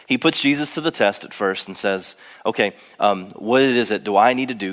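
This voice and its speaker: A young male pastor preaches in a loose, conversational style, often restarting his sentences and poking fun at himself. His voice sits fairly low, and a long reverb trails each phrase through the church sanctuary. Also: moderate pace, few pauses, a bit bright. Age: young adult. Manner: conversational, self-deprecating, with frequent restarts. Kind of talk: sermon.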